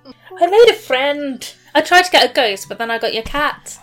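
A woman player in a tabletop game, talking in an excitable, bubbly way. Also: high voice, normal speed, soft background music. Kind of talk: tabletop game role-play.

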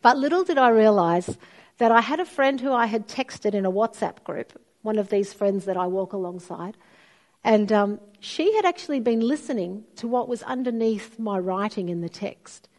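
A woman's voice: medium pitch, moderate pace. A middle-aged woman, preaching a sermon and telling stories expressively. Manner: storytelling, expressive, acts out quoted voices.

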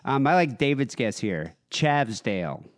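A man's voice: medium pitch, big pitch swings, a little slow. Joking, sweary American man host. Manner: joking, sweary, laughs often. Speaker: podcast host. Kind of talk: casual chat, reading listener guesses.

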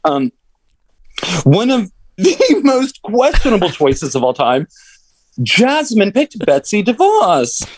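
Chatty podcast co-host man, lively pitch. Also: slow, pauses often, no echo. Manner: chatty, many fillers, laughs often. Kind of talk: casual chat.

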